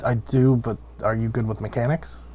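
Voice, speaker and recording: A man narrating a tabletop horror game as game master, unhurried and hesitant with fillers. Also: mid-range voice, fairly even intonation, mellow, a little hiss or hum.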